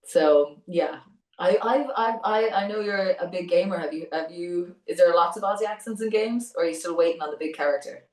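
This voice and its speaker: A young adult Irish woman, a voice actor chatting in an interview, talkative and quick to laugh. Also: on the low side, a little mellow, reverberant, recorded from a distance, low-quality recording. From Ireland. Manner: chatty, laughs often, many restarts. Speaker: voice actor guest. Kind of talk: casual interview chat.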